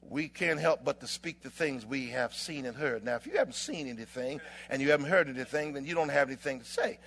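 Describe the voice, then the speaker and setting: This sermon comes from a man with a gravelly, mid-range voice. Impassioned, he builds to shouting, pauses for drama, and strings together rhythmic, alliterative lines.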